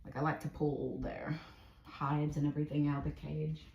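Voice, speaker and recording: A woman's voice: deep voice, monotone, moderate pace, gravelly, highs cut off. A woman from Australia with an Australian accent, chatting casually while cleaning a pet cage, filmed on a phone resting in the cage. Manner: chatty, rambling, talks to pets in sing-song baby talk. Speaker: pet vlogger. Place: indoors at a large pet cage. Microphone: phone camera resting on a cage shelf. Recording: echoey room, faint noise.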